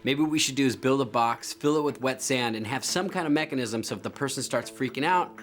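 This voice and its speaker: A man's voice: medium pitch, quick pace, a bit bright. A man talking casually on location, practical and explaining a plan step by step. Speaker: show team member. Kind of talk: casual on-location planning talk. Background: background music.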